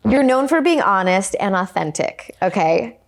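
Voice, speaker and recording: A woman's voice: medium pitch, animated, moderate pace. A woman hosting a podcast interview, asking questions in an encouraging, affirming way. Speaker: podcast host. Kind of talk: conversational interview.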